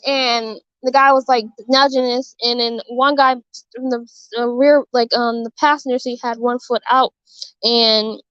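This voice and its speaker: A woman's voice: fairly high pitch, clean tone, no room sound, highs cut off. A woman telling her viewers a personal story in her childhood neighborhood, in a rambling, earnest way with many fillers and restarts. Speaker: vlogger sharing a testimony. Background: music.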